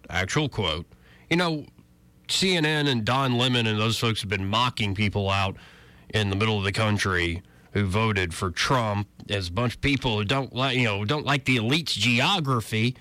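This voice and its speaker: A man's voice: medium pitch, lively intonation, moderate pace, bright, forceful tone, no room sound. A talk radio host, a man from Alabama, giving a sarcastic political commentary monologue and calling himself a cynic. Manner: sarcastic, self-described cynic.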